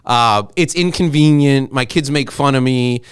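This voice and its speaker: A middle-aged American man hosting an interview, chatty and openly emotional, talking in quick asides with frequent restarts. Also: medium pitch, clear, resonant tone, no room sound, clean studio sound. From United States. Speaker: podcast host and interviewer. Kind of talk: casual interview conversation.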